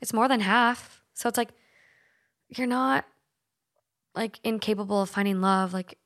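A woman podcast host from Minnesota talks in a loose, casual way and swears freely. She fills her sentences with "like" as she chats and reads listener stories aloud. Her voice sits at an ordinary middle pitch. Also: a little slow.

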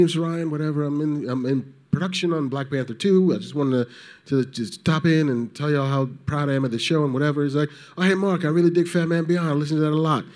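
A man hosting a panel, talking in a passionate, animated way and swearing freely. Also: a little high. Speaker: panel host. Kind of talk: casual panel talk.

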